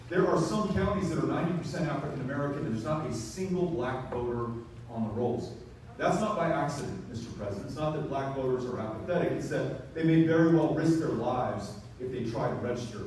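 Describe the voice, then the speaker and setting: Texas guy giving a passionate town hall speech, warm low-key tone, really echoey room, mic kinda far off. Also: normal speed, slight background noise. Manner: builds to emphatic, rising passages. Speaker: political speaker at a town hall. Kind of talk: impassioned stump speech. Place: town hall event, roomy space.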